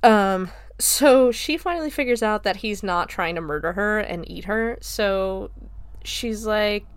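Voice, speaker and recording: A woman's voice: medium pitch, a little slow, clear, resonant tone, no room sound, studio quality. Chatty young woman laughing through a recap. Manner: laughs often, swears, lots of "like" fillers. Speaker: film reviewer. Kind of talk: casual chatty film recap.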